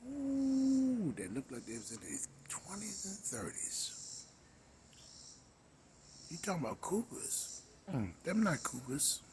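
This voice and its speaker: A man's voice: mid-range voice, fairly bright tone, slight background noise. Drawling Maryland man, whispered asides. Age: middle-aged. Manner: drawling, slips into whispers and hums. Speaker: show host. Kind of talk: rambling monologue.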